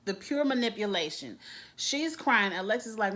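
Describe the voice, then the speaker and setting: A woman's voice: mid-range voice, animated, normal speed, fairly bright tone. A woman, giving a casual, opinionated recap of a reality show and acting out the people she quotes. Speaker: TV show reviewer.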